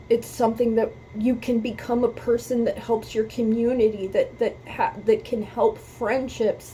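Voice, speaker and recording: Woman host, emotional and earnest, unhurried, warm higher voice, faint room hiss behind. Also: poor audio. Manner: earnest, emphatic, repeats phrases for stress. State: emotional, near tears. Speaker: music reaction video host. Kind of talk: heartfelt talk to camera about faith.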